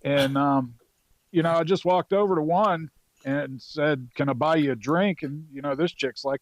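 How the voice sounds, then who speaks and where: A man's voice: fairly high pitch, moderate pace, dry recording, highs cut off. A man around forty from North Carolina, a Marine veteran guest telling stories in a loose, profane way with lots of fillers. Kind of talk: casual storytelling.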